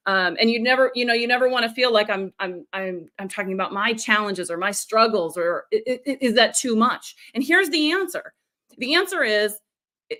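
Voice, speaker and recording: A woman's voice: a little high, fairly bright tone. A woman coaching an audience on a live stream, upbeat and chatty, often checking in with "okay?" and answering viewer comments. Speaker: business coach hosting a livestream.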